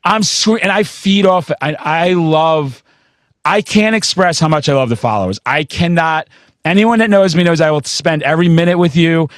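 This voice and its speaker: A man in his forties hosting a casual metal chat, loud and intense, telling excitable stories with plenty of swearing. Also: on the high side, moderate pace, dry recording, studio quality. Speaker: podcast host.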